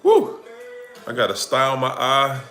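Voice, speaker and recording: A man hosting a casual livestream, greeting viewers in a laid-back, playful way with drawn-out greetings and frequent laughs, speaking from a room at home. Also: medium pitch, lively intonation, pushed and bright. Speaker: livestream host. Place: home room during quarantine. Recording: echoey room with faint music. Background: faint music.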